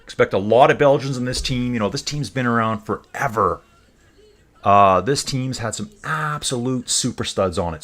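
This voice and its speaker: A man's voice: mid-range voice, expressive, normal speed, fairly bright tone. A man hosting a live stream, talking casually with rambling, jokey asides. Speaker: cycling stream host.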